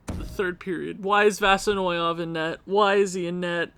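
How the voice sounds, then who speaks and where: A man's voice: sits high, fairly even intonation, moderate pace, fairly bright tone, clear, resonant tone. Fired-up young man calling his hockey game. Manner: exasperated, pleading, talks to the team. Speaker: gaming video creator. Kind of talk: casual gameplay commentary. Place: house at night.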